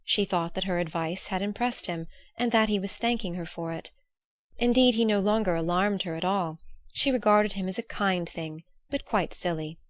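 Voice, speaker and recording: A woman narrating a classic novel in a measured, steady audiobook reading. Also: mid-range voice, no room sound. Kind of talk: scripted narration.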